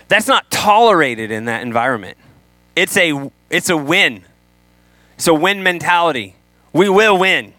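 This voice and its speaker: A man preaching a sermon to a room, animated, acting out the people he quotes. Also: high-pitched, measured pace, dry recording. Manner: animated, acts out quoted voices.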